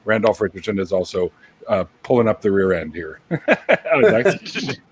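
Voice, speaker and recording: A man's voice: low voice, big pitch swings, normal speed, husky. A man hosting a casual livestream chat with friends on a call. He laughs often and repeats words as he talks. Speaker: livestream host.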